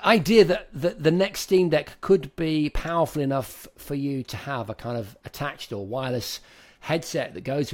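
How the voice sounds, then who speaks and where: A man co-hosting a tech podcast, speaking like an enthusiastic presenter. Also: medium pitch. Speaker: podcast co-host. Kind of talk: casual chat.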